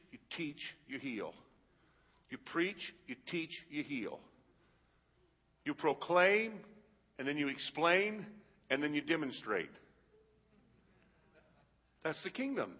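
Man, preacher, sermon, repetitive rhythmic delivery, slightly high voice, dull muffled hall recording. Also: husky. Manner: rhythmic, repetitive preaching that builds to loud peaks. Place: large hall with a congregation.

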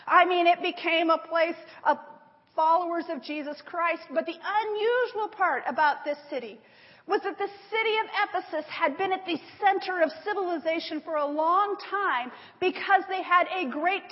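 Woman preacher, high voice, storytelling sermon, long hall reverb. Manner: storytelling, reading scripture aloud with emphasis. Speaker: Bible teacher. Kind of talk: sermon with slides. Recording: dull audio in a large reverberant hall.

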